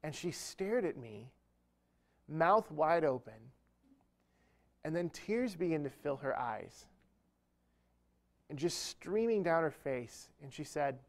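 A man's voice: a little high, lively intonation, slow, long pauses. A man speaking at a church event, telling a humorous, self-deprecating story within a sermon-style talk.

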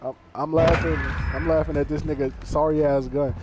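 A young male streamer talks over a shooter game with his teammates, cussing them out and trash-talking nonstop. His voice sits a little high. Heavy gunfire and game noise pound constantly behind him. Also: flat delivery, normal speed. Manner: profane, loud trash talk at teammates. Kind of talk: live gaming stream with voice chat. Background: shooter game audio, gunfire.

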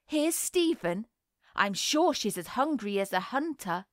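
A woman's voice: fairly high pitch, very animated, unhurried, no room sound, clean studio sound. A woman voicing a condescending, affected middle-aged society mother greeting a child in a storybook reading. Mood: patronizing.

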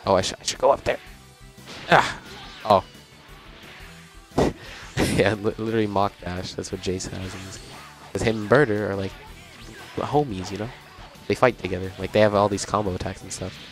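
A young man giving casual, chatty commentary on a video game as he plays, reacting out loud and laughing often. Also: fairly low pitch, steady tone, moderate pace, long pauses. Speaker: gaming channel host. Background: game music.

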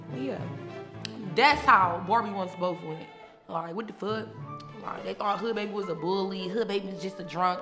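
A woman's voice: mid-range voice, normal speed. Brash, profane woman in an echoey room. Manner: brash and profane, laughs often. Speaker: reality TV personality looking back on her show. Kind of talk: casual unscripted monologue. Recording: echoey room with music underneath. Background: music.

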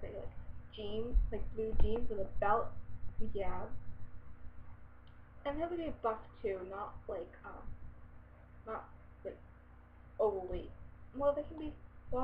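A rambling teen girl vlogging at home at night, her voice sitting a little high and breaking into giggles between thoughts. The sound is dull and lo-fi, like a built-in camera mic, with a faint hiss behind her. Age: late teens. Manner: rambling, giggly, lots of fillers. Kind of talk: casual rambling vlog.

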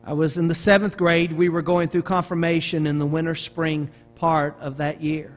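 Faint music plays behind a middle-aged man from Arkansas as he preaches, his Southern American voice fairly high and his speed normal. His delivery is animated storytelling, broken by frequent restarts.

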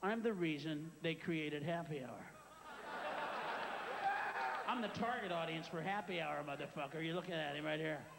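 A man voicing a sullen, hard-drinking middle-aged husband in a low gruff mutter. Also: normal speed, pauses often, echoey room, heavy background noise.

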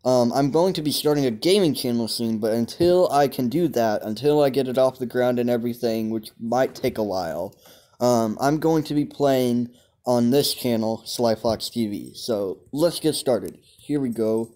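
A man's voice: mid-range voice, normal speed, mellow. Chatty young man, rambling gameplay commentary. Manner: chatty, rambling, many ums. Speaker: gaming channel host.

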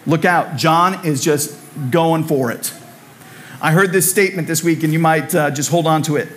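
A man's voice: a little high, moderate pace, slight background noise. A man preaching a sermon in a church, conversational and repetitive, with humorous asides. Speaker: pastor. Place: church sanctuary.

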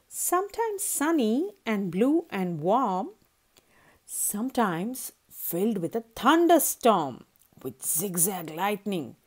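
A woman reading a rhyming children's story aloud in a sing-song voice. Her pitch rises and falls widely with each line, and she takes her time, letting each rhyme land slowly.

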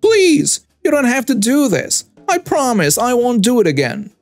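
A man's voice: on the high side, sing-song, a little slow, dry recording, faint music behind. A man reading the lines of a rude, entitled woman shopper in a storytelling narration, snapping and scornful. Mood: pleading. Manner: snapping, scornful, then pleading.

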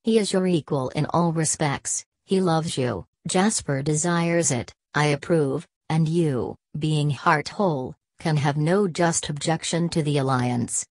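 A woman's voice: sits low, dry recording. A woman reading a stern noble mother. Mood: firm. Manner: cool, measured and commanding. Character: stern aristocratic mother, a titled lady.

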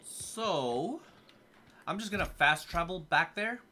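Bright-voiced sarcastic gaming host. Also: male voice, high-pitched, animated, a little hiss or hum. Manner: quick, sarcastic, reactive. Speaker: gameplay host. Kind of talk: casual let's-play commentary.

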